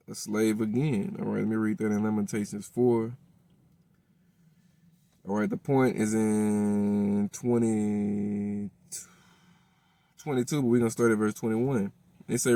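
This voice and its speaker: Guy preaching off the bible, lowish voice, real dry close sound, keeps going "all right?". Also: fairly even intonation, unhurried, long pauses, warm tone, dry recording. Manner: reads verses aloud, asks "all right?" after almost every phrase. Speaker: teacher of a religious group. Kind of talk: scripture reading and teaching.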